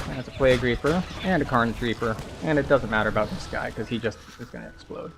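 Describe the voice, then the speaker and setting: A man casually commenting while playing a game, relaxed and chatty. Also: mid-range voice, fast, vocal fry, hardly any pauses, background noise. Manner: relaxed, chatty, explains as he plays. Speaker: streamer.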